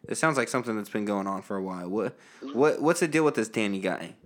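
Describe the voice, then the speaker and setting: A man's voice: on the low side, expressive, fast. A man hosting a podcast, laid-back and chuckling, stumbling over his words in casual chat. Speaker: podcast host.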